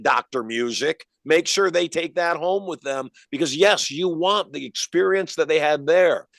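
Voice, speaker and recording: An older man, a hypnotist guest in an interview, telling stories with energetic emphasis. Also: mid-range voice, dry recording. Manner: energetic, emphatic, acts out quoted voices. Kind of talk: animated storytelling interview.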